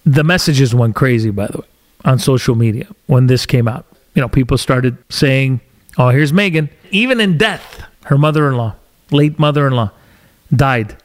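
A man's voice: medium pitch, normal speed. A man hosting a podcast from a studio, delivering an agitated, sarcastic opinion monologue. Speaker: podcast host.

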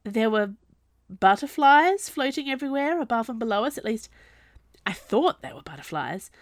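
A woman reading a story aloud as narrator, in an expressive, lively storytelling manner. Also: a little high, moderate pace, no room sound, studio quality. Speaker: audiobook narrator. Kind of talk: scripted narration.

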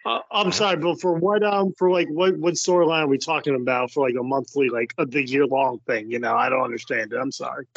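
A man's voice: medium pitch, fairly even intonation, brisk, gravelly, hardly any pauses, dry recording, lo-fi sound. A man guesting on a casual podcast chat, hesitant, with many fillers and restarts.

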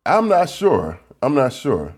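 Husky slow-talking man. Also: mid-range voice, wildly swooping pitch. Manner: brief backchannel replies. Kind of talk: casual chat.

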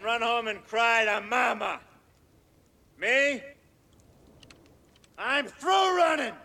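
A man's voice: very high voice, expressive, drawn-out words, gravelly, bright, forceful tone, exaggerated voice. An actor playing a brash, cocky male action hero in a swaggering, boastful film scene, heard as a clip played back from a distance.

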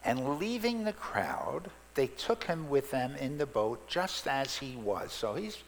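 Gravelly-voiced male preacher in a hall. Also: mid-range voice, a little slow. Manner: expressive, shifts from loud emphasis to soft prayer. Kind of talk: sermon. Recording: reverberant hall, faint hum.

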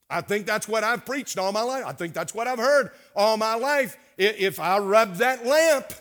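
A middle-aged man preaching a sermon, swinging from hushed, quiet passages to loud, emphatic ones. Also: high-pitched, moderate pace. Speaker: pastor.

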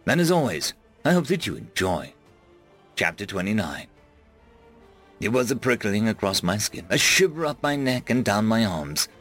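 A man narrating a web serial chapter aloud in first person, reading expressively with big dramatic swings and shouting out the dialogue. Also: on the low side, sing-song, moderate pace, faint music behind. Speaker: audiobook narrator.

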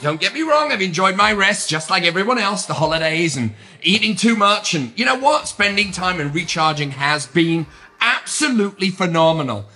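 A middle-aged man with a British accent hosting a podcast, talking in an energetic, emphatic, upbeat way. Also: sits high. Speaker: podcast host. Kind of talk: motivational podcast monologue.

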